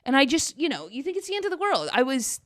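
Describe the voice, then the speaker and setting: A woman's voice: sits high, big pitch swings, fast, a bit bright. A woman in her thirties hosting a podcast, telling a personal story in a casual, chatty way and acting out her own past lines. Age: 30s. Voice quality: chatty, many "like" fillers, quotes herself. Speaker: podcast host.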